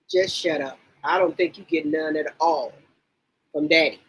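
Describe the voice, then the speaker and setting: A woman hosting a casual livestream, reading viewer comments aloud and gossiping about reality TV in an animated, repetitive, exclamatory way. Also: deep voice, measured pace, husky, low-quality recording. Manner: animated, exclaims and repeats herself, reads chat comments aloud.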